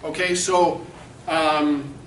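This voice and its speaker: Speaking very slowly in a slightly high, steady, somewhat bright voice, a man runs a convention charity auction and entertains the room with crude jokes and mocking anecdotes, laughing along. The recording picks up a faint hiss or hum, made from far away in an echoey hall.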